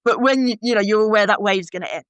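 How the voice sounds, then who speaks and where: A woman's voice: medium pitch, fast, clear, resonant tone, no room sound. A woman co-hosting a podcast in casual chat, acting out her inner voice in little quoted scenes. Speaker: podcast co-host.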